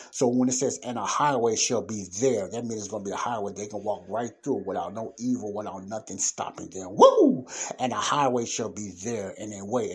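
Husky preacher man explaining scripture. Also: fairly low pitch. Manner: reads scripture aloud, then explains in everyday speech; emphatic bursts and sudden exclamations. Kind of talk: informal Bible teaching.

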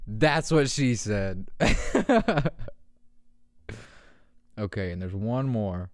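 A young man hosting a casual podcast, excitable and laughing often, swearing and doing deep meows as he reacts to memes. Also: extremely slow, no room sound, clean studio sound. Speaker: podcast host. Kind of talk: casual meme commentary. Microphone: handheld podcast mic.

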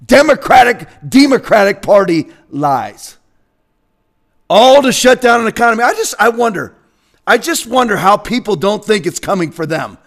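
A man preaching a fiery political sermon, firing rhetorical questions and climbing into high-pitched shouts when worked up. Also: big pitch swings, moderate pace, creaky. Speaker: pastor.

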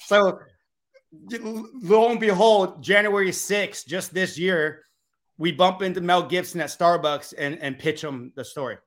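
A man's voice: high-pitched, unhurried, a bit bright. Man telling a story as a podcast guest. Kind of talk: casual chat.

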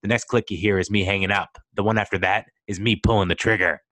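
A man voicing a gruff male action-movie antihero who growls threats down a phone. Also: fairly low pitch, steady tone, fast, bright, forceful tone, no echo. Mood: menacing. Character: gruff male action-hero antihero, menacing tough guy.

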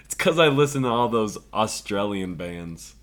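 A man co-hosting a podcast in casual comedic chat, tossing in quick joking questions and remarks. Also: on the low side, lively intonation, fairly bright tone.

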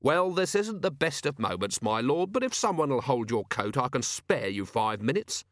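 A man voicing a gruff middle-aged watch commander who talks in a dry, sarcastic, streetwise way. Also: mid-range voice, big pitch swings, normal speed, fairly bright tone, no room sound. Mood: sardonic.

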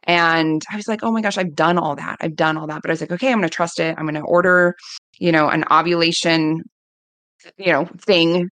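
A woman's voice: on the low side, fairly even intonation, fairly quick, fairly bright tone, no echo. A woman in her thirties, a coach, telling a heartfelt personal story in a casual interview, often quoting herself. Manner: earnest, emotional, quotes herself often.

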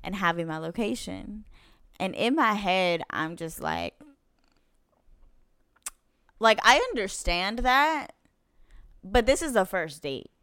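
A young woman co-hosting a podcast, chatting casually as she tells a dating story and voices each person's lines in turn. Her voice is smooth and clear at a middle pitch. It sounds close and dry, with no room echo. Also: slow pace, pauses often. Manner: animated storyteller who acts out quoted dialogue. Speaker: podcast co-host.

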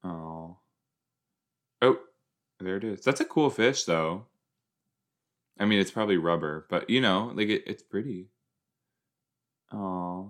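Low-voiced, unhurried man reacting. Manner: chatty, exclaims and laughs often. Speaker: reaction video host. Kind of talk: casual reaction commentary.

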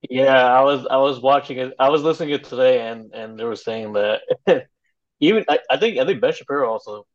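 A man's voice: mid-range voice, a little fast. Young guy cohost agreeing along, kinda muffled lo-fi audio. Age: young adult. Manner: chimes in with short agreements, laughs along. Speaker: podcast co-host. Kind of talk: casual political chat.

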